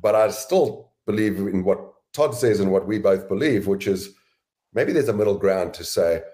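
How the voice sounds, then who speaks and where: Man, interview guest, sales educator, measured and deliberate, lowish voice. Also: lively intonation, dark tone. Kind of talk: interview answers.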